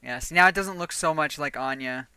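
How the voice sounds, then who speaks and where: Forceful, crisp-voiced woman game streamer. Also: low-pitched, a little fast, no echo. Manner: chatty and profane, laughs often. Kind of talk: casual gaming stream chat.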